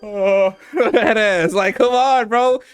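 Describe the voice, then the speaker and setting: A woman's voice: on the high side, slow pace, faint music behind. A woman co-hosting a podcast, reacting in casual slangy chat. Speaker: podcast co-host.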